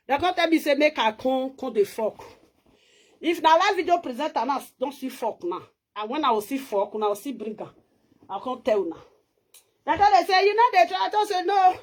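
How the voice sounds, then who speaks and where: A woman with a Nigerian Pidgin accent, chatting boastfully in a casual home-tour video and laughing often. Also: high voice. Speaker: vlogger.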